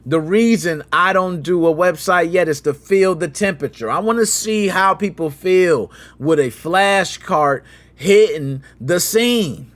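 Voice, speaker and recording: A high-pitched man hosting a gaming channel tells a story in slangy, lively commentary, acting out quotes with sound effects, in no hurry at all.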